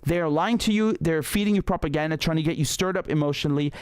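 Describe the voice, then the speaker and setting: A man delivers heated solo political commentary with plain indignation and biting sarcasm. He circles back and repeats his lines for emphasis. His voice sits somewhat high and sounds close and dry, with no room echo. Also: quick pace, clean tone.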